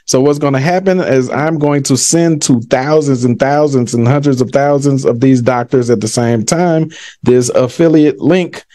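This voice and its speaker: A man's voice: medium pitch, moderate pace, warm tone. A man running a live online tutorial, chatting with viewers in a hyped, slangy way. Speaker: online business coach.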